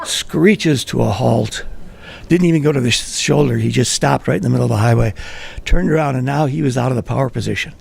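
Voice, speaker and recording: A man telling a funny personal story live with wry, deadpan delivery. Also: medium pitch, a little fast, creaky, slight background noise. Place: live event at a writers' center.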